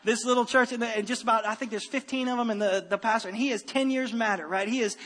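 A man preaching a sermon as pastor, animated and given to repeating his phrases and restarting sentences. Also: very high voice, fast talker, big-room sound.

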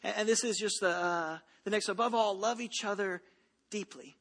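A man preaches to his congregation in an easygoing, talky way, circling back and repeating himself. His voice sits very high and sounds bright. The sermon rings out with a long church-hall reverb. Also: normal speed. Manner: conversational preaching with frequent asides and repeated phrases. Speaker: pastor.

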